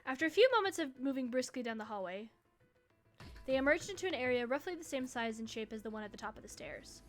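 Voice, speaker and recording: A woman narrating a game aloud on a stream in a steady, expressive reading. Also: sits high, fast talker, faint music behind.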